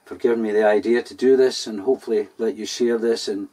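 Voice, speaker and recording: A man's voice: lowish voice, steady tone, fast talker, dark tone. A Scottish man hosting an online folk gig, chatting casually and a little self-deprecatingly between songs. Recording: voice from a distance off the mic.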